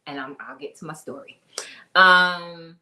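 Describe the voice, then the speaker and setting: A woman's voice: lowish voice, a little slow, sharp tone, a little hiss or hum. Chatty woman hosting a faith talk show. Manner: chatty, laughing, reads out viewer comments. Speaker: host. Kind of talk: casual ministry talk show.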